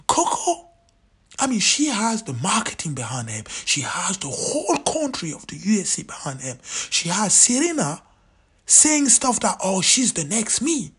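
A man's voice: high voice, huge pitch swings, unhurried, fairly bright tone, breathy edge. A man in his late thirties hosting his own show, giving an emphatic, opinionated commentary monologue, repeating his points and sometimes dropping to a near-whisper. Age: 30s. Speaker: show host.

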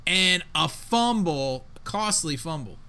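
A man co-hosting a casual sports podcast, talking in an emphatic, excitable way with plenty of slang. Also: fairly high pitch, slow, clean tone. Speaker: podcast co-host.

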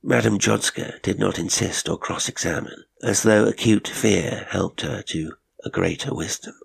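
A man with a very deep, gravelly voice reads a ghost story aloud at a measured pace. His tone is husky and rough-edged, with heavy fry in it. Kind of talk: scripted narration of a ghost story.

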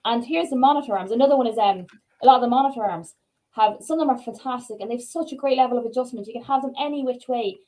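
A woman talks quickly and brightly as a podcast guest, her voice pitched fairly high. She is chatty and tells stories from her assessment work, quoting the people she met along the way. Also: rough recording. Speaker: workplace ergonomics assessor, guest. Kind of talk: casual chat.

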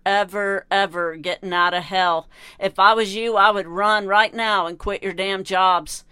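A woman's voice: medium pitch, bright, forceful tone, clear, resonant tone, no echo. A woman delivering an impassioned monologue in a preachy, condemning, repetitive way.

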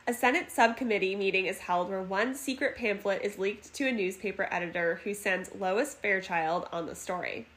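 A woman's voice: medium pitch, normal speed, hardly any pauses, fairly bright tone. Giggly woman recapping a movie plot. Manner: giggly, reads plot summary between laughs. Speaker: podcast co-host. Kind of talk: casual movie recap chat.

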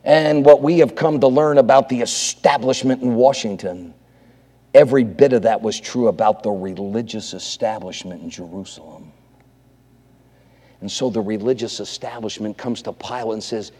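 A man preaching a revival sermon, swinging from loud exclamations down to hushed near-whispers. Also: on the low side, moderate pace, breathy edge, in a large hall.

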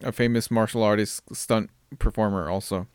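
A man's voice: on the low side, steady tone, moderate pace, clear, resonant tone, dry recording, clean studio sound. A man co-hosting a podcast in casual chat, hesitant and full of restarts. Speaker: podcast co-host.

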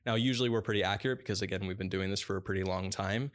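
A man with a notably deep, low voice talks through ideas in long explanatory stretches. He is a dog training business owner being interviewed, and he fills his pauses with a relaxed "uh" as he goes. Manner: fluent, explanatory, with frequent "uh" pauses.

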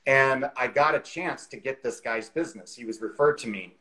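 A man's voice: medium pitch, moderate pace, sharp tone, poor audio. A man in his forties, the guest, telling a career story in a chatty way over a video call, with lots of "you know" fillers.

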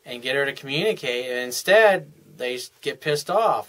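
A man of ordinary, middle pitch talks through relationship advice in a loose, unscripted monologue. He sounds earnest and frank, and uses casual, everyday language as he explains things step by step. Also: expressive, moderate pace, bright, forceful tone.

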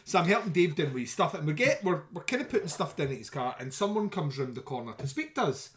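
A man's voice: on the high side, fast. Man telling a story, sweary. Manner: swears often, animated and laughing while telling a story. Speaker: podcast host. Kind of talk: casual storytelling.

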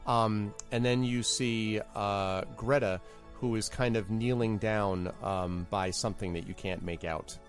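Male game master, lowish voice, halting narration, faint background music. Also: fairly even intonation. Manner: halting, with many fillers.

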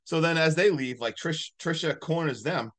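Animated man recapping a movie. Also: on the high side, moderate pace. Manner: rambling, animated retelling with many likes. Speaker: podcast host.

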